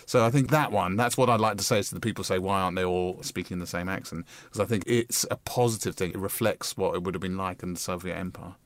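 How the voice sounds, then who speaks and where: A man talking as a co-writer guest in a film interview, explaining his views in an animated, chatty way. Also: low voice, fast talker, hardly any pauses, no echo.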